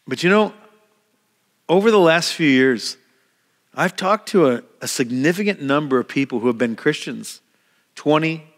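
Conversational pastor preaching in a reverberant hall. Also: male voice, mid-range voice. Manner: conversational, repeats words, acts out quoted prayers. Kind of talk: sermon. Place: church hall. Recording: long reverb of a church hall.

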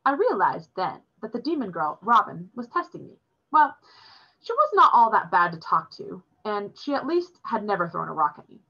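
A woman reading a novel chapter aloud in a steady storytelling manner. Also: medium pitch, moderate pace, breathy edge. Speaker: reader. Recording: dull lo-fi recording.

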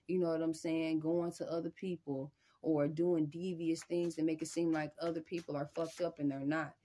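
Lower-voiced woman, tarot reader, emphatic and repetitive, slangy delivery. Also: little pitch movement, normal speed. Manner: emphatic, repeats "y'all" and "I'm telling you"; casual, slangy, with sudden loud high bursts. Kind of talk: spiritual reading monologue.

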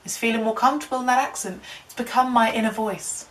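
A young woman rambles to her camera in a loose, giggly vlog, mocking herself as she goes. Her voice sits a little high. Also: moderate pace, a bit bright, low-quality recording. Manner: giggly, chatty, self-mocking. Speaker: vlogger.

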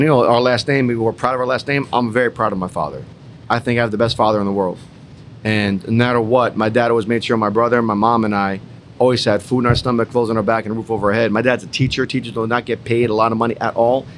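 Man, young adult, casual roundtable storytelling, repeats himself for emphasis, swears now and then, faint rumble. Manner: emphatic, repetitive, mildly profane. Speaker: entrepreneur in a roundtable.

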